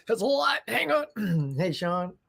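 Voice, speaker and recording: A man's voice: high-pitched, big pitch swings, slow, gravelly, a bit bright, slightly rough. A middle-aged man hosting a casual morning livestream, chatty and upbeat, greeting viewers by name with frequent laughs and restarts. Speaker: livestream host.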